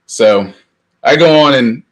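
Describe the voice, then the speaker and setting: A middle-aged man co-hosting a podcast, telling long rambling anecdotes with lively restarts. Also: mid-range voice, slow. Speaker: podcast co-host. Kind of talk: casual storytelling chat.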